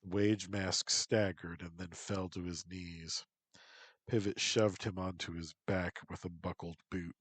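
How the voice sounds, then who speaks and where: A man narrates a story in a slow, steady reading. His voice is deep and husky. The sound is dry and close. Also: dry recording, rough recording.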